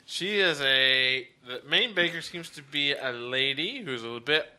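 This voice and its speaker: A man's voice: on the high side, expressive, moderate pace, bright, forceful tone, clear, resonant tone. A man narrating a tabletop game as game master, describing scenes and laughing often.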